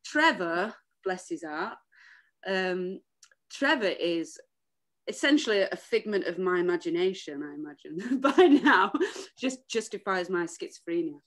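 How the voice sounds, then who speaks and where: A woman in her thirties from England, a musician chatting as a podcast guest, animated and laughing often. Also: fairly low pitch, unhurried. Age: 30s. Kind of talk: casual podcast chat.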